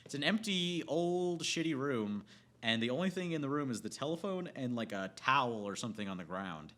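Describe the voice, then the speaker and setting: Bright-voiced man ranting about a film. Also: mid-range voice, expressive, fairly quick. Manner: profane, rambling, laughs often. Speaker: movie reviewer. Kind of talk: casual film rant.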